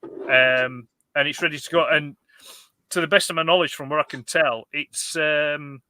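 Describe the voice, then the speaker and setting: A man's voice: fairly high pitch, steady tone, moderate pace, bright, forceful tone, a little hiss or hum. A man co-hosting a casual chat about toys, rambling with many restarts. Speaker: co-host of a toy collector chat.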